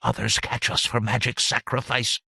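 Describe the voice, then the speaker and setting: A man voicing a small, timid male satyr who speaks gently in broken, halting words. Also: mid-range voice, little pitch movement, creaky, slightly rough, no room sound, clean studio sound, full character voice.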